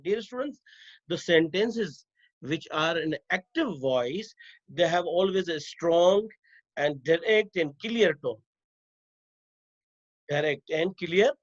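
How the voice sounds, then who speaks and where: Guy teacher going over grammar slides, slow and repetitive, high voice, kinda dull audio. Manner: slow, repetitive explaining to students.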